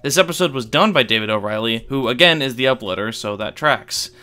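A man's voice: mid-range voice, lively intonation, brisk, sharp tone, clear, resonant tone, faint music behind. A man reading a scripted video narration in an offhand, wry way, dropping casual asides and the odd swear word for comic effect. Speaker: YouTube iceberg explainer.

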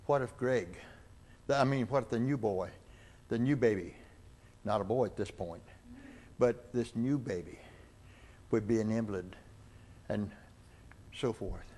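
A man's voice: lowish voice, unhurried, long pauses. An older man preaching, telling a long personal story and acting out the voices of the people in it as he goes. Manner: acts out dialogue in the story, with rises and falls in loudness. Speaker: pastor. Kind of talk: sermon storytelling. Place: church sanctuary.

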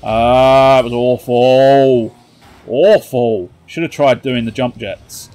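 A man with a jokey, excitable manner, commentating his own car football match and cheering on his teammates. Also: mid-range voice, slow. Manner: excitable, cheering on teammates with shouts and silly jokes. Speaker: gaming commentator.

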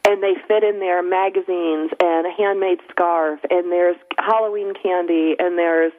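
A woman's voice: lowish voice, steady tone, a little slow. A middle-aged woman hosting a radio talk show, chatting casually and acting out quotes as she tells stories. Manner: chatty storyteller, acts out quotes. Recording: tinny phone-line radio audio.

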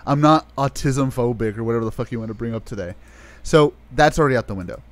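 Profane, animated podcast storyteller man. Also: medium pitch, fast talker. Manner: profane, animated storyteller acting out his side of arguments. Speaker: podcast co-host. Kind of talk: casual podcast chat.

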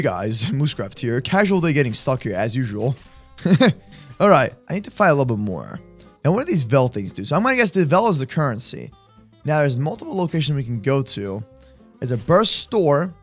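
A young man with a high, bright, sharp voice gives excitable gameplay commentary. His pitch swings widely as he yells at enemies and laughs, while light music plays underneath. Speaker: gaming YouTuber.

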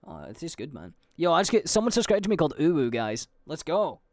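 A young Scottish man rambles through a solo podcast on a close, dry mic. His voice sits a little high for a man, and his talk is loose and full of fillers and swearing. Now and then he leaps into squeaky mock voices to quote other people. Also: wildly swooping pitch, quick pace, no room sound. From Scotland. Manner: chatty and swearing, trailing off into fillers. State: drinking gin while talking. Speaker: podcast host and livestreamer.

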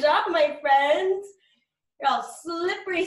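A woman leads little children through an online circle time, her voice high and bright. She talks slowly and cheerfully in a sing-song way, dropping to a whisper for quiet moments. The sound comes through a video call from an echoey room. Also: animated. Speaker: preschool teacher.

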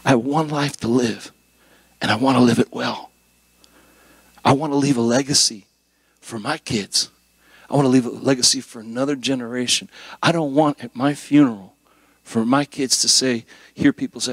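Middle-aged male guest pastor, animated conversational preaching, dry close sound. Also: mid-range voice, moderate pace, long pauses, breathy edge, no echo. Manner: animated, conversational preaching with jokes and rising emphasis. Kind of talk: sermon.

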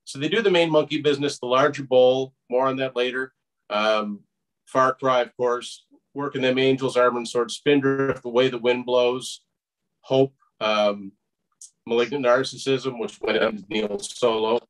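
A man's voice: mid-range voice, fairly even intonation, moderate pace, poor audio. Guy guest on a music podcast, keen, rattling off song lists. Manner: enthusiastic, listing songs. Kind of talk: casual chat about music.

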